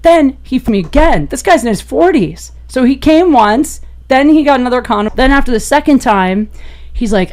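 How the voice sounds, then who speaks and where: A woman comedian, a podcast guest, telling a raunchy personal story in an animated way and laughing as she goes. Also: moderate pace. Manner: animated, gets loud and high-pitched as the story peaks; laughs through her own story.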